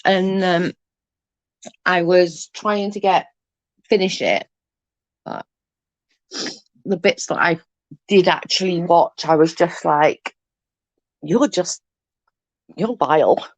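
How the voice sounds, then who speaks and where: A woman's voice: on the low side, steady tone, slow, pauses often, dry recording. A woman hosting a casual live stream, chatting and yawning as she reads comments. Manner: chatty, yawning, says "allegedly" often.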